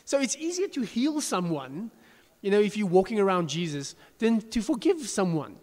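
A man's voice: high voice, sing-song, normal speed, darkish tone, big-room sound. A pastor preaching a sermon to his congregation, chatty and self-deprecating, with frequent restarts.

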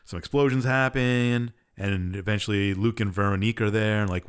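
A man with a somewhat low voice chats casually as a podcast co-host. He retells a game's story in a loose, rambling way and waves off the boring parts. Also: fairly even intonation, fairly quick, clean tone. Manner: rambling retelling, offhand and dismissive. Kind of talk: casual game recap chat.

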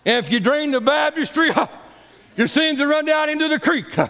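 A man's voice: very high voice, takes it slowly, sharp tone, clean tone, exaggerated voice. A man voicing a pompous old-timey male country preacher, declaiming through his own laughter. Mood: mock solemn. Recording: long church reverb.

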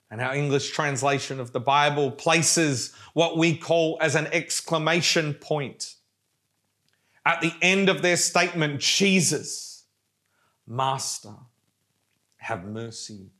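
A male pastor delivering a fervent sermon at an unhurried pace, his voice sitting a little higher than most men's. He leans on his words with passion, then sinks into soft, pleading prayer. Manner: impassioned preaching, dropping to hushed prayer.

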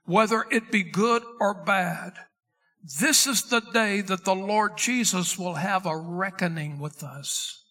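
High, bright-voiced preaching pastor. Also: male voice, slow. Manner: emphatic preaching, stretches key words, reads scripture aloud. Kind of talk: sermon.

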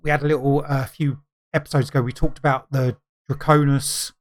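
A middle-aged man in casual chat as a podcast co-host, talking in a rambling, halting way full of fillers and restarts. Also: medium pitch, flat delivery.

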